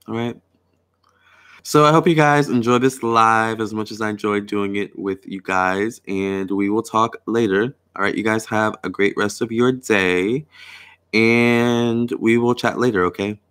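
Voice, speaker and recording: A man's voice: on the low side, sharp tone, smooth. Chatty man hosting a tarot live stream. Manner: chatty, reads viewer comments aloud, repeats "all right" and "you guys". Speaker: tarot reader and astrologer host. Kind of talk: casual live stream chat.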